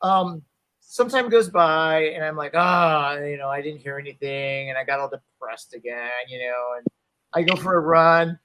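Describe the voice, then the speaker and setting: A man's voice: on the high side, normal speed, pushed and bright, a little hiss or hum, low-quality recording. A man in his fifties, a martial arts instructor and actor, telling a story in a casual interview. He is loose and chatty, full of "you know", and acts out the people he quotes.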